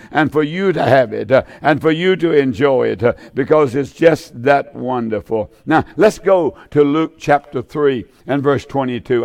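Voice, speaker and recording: A man's voice: a little high, creaky, a little mellow. A man preaching on the radio, reading scripture and stumbling often with fillers and restarts. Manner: halting, many fillers and restarts.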